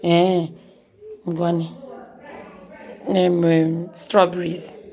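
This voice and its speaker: A woman's voice: fairly low pitch, monotone, extremely slow, dark tone. A young Nigerian woman vlogging a casual tour of a village house, talking with a Nigerian accent, mixing Igbo and English and exclaiming often.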